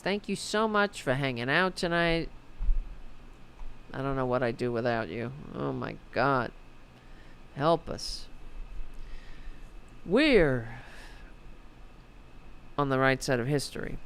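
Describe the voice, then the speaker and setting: A woman's voice: low-pitched, lively intonation, takes it slowly, long pauses, clean tone. A middle-aged woman hosting a podcast, chatting casually to her live audience, rambling and self-mocking, swearing freely. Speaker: podcast host. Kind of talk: casual late-night livestream chat.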